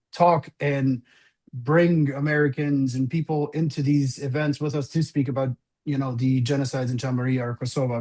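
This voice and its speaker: A man's voice: medium pitch, a little mellow. A man hosting a casual podcast interview, asking long, rambling questions with many fillers like "like" and "um". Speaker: podcast host.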